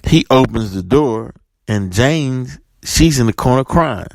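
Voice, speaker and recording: A man's voice: medium pitch, expressive, slow pace, creaky, long pauses, a little mellow, no room sound. A man hosting a talk radio show, rambling through his points and often tagging them with "right?". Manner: rambling, keeps asking "right?".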